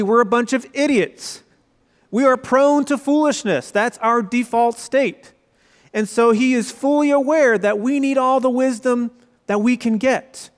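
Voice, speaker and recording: A young man preaching a sermon as pastor, conversational and storytelling, with quoted asides. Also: very high-pitched. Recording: long reverb of a large hall.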